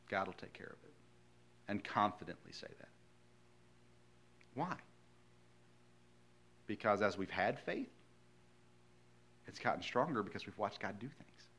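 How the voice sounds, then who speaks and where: A male pastor preaching a sermon in a folksy, earnest storytelling way, swinging from hushed lines to loud emphasis. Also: low voice, steady tone, unhurried, long pauses.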